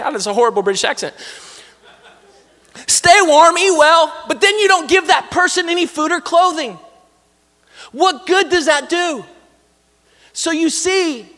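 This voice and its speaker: A man's voice: very high voice, sharp tone. A man pastor preaching a sermon in a church, talking to the congregation with casual asides. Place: church sanctuary. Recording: long hall reverb.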